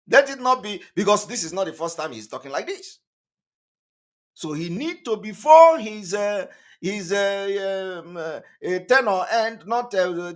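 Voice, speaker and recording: A man hosting an online channel, delivering emphatic, repetitive political commentary that rises to loud outbursts. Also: sits high. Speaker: online TV host.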